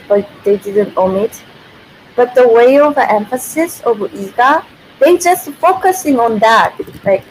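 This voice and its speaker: A woman's voice: fairly high pitch, a little hiss or hum, rough recording. A woman, a native Korean speaker, giving a casual livestream language lesson who thinks aloud, corrects herself and laughs often.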